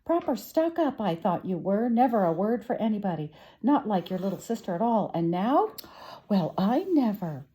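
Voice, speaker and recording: A woman's voice: medium pitch, big pitch swings, moderate pace, mellow, husky, pitched above the performer's own voice, low-quality recording. Woman voicing a homely older sweet shop lady. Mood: astonished. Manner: homely, motherly, exclaiming.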